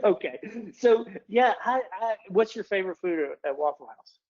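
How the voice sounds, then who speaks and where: A man's voice: high-pitched, expressive, moderate pace, darkish tone. Chatty man presenting a webinar. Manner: chatty, digressive, self-interrupting. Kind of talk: casual conference presentation. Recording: dull lo-fi webinar audio.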